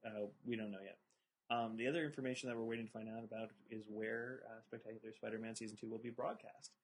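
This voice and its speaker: A young man co-hosting a casual podcast, talking with excited fan enthusiasm and a lot of ums. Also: lowish voice, fast, slight background noise, rough recording. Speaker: podcast co-host.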